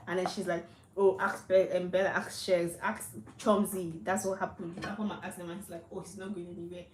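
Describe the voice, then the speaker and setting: A woman's voice: mid-range voice, reverberant, recorded from a distance, a little hiss or hum, low-quality recording. A young Nigerian woman chatting casually and recapping reality show drama in a gossipy, filler-heavy way. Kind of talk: casual commentary.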